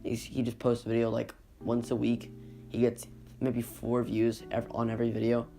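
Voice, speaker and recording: A man's voice: mid-range voice, completely flat delivery, normal speed, creaky, warm tone. Sarcastic man riffing over guitar music. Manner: sarcastic and incredulous, laughs at own jokes. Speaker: YouTuber reading and mocking Reddit posts. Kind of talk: casual comedic commentary.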